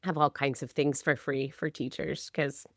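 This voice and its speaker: An American woman guest on a podcast, upbeat and quick to laugh. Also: low voice, little pitch movement, dry recording, clean studio sound. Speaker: literacy advocate, guest. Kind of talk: casual podcast chat.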